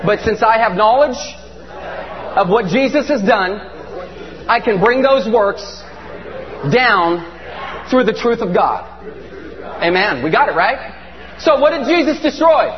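A middle-aged man preaching a sermon with animated, emphatic storytelling. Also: sits high. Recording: dull lo-fi recording in a reverberant hall with faint hum.

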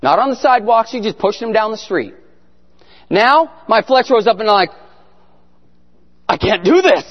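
A man giving an animated testimony sermon as a guest speaker, telling his story and sometimes shouting prayers. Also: high voice, moderate pace, pauses often. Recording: echoey hall, muffled sound.

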